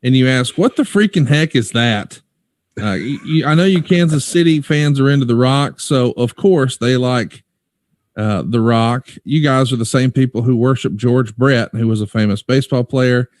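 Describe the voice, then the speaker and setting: A man's voice: mid-range voice, normal speed, a little mellow, dry recording, studio quality. A man co-hosting a casual podcast, eagerly recapping old matches and leading the questions. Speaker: podcast co-host and interviewer.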